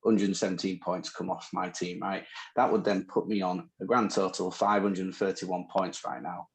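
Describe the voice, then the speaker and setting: A man with a northern English accent chats and teases his co-host on a podcast. His voice sits very low with a gravelly, creaky edge. He talks in loose, rambling banter. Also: flat delivery, normal speed, poor audio. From northern England. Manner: bantering, chatty, teasing. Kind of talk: casual chat.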